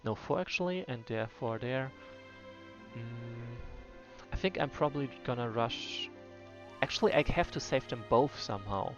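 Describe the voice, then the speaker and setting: A man's voice: mid-range voice, animated, moderate pace. A man giving casual gameplay commentary, thinking aloud with many fillers and restarts. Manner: muses to himself, hesitant with many fillers. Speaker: game player. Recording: dull lo-fi voice with faint music.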